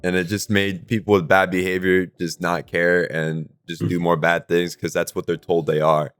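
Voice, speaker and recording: A man's voice: low voice, normal speed, clean tone, no echo, faint music behind. A young man co-hosting a podcast, telling school stories with lots of swearing and acted-out quotes. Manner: profane, animated storytelling, acting out quotes. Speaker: podcast co-host. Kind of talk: casual chat.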